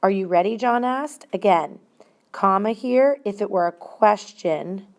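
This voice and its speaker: A woman's voice: mid-range voice, a little slow. A woman teacher giving a grammar lesson, explaining step by step and stressing single words.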